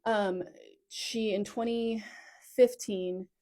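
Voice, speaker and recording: A woman's voice: medium pitch, steady tone, takes it slowly, warm tone. A woman in her thirties telling her own story in a casual, rambling storytime style on her phone at home, full of "like" asides and self-corrections. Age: 30s. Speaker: content creator telling her life story.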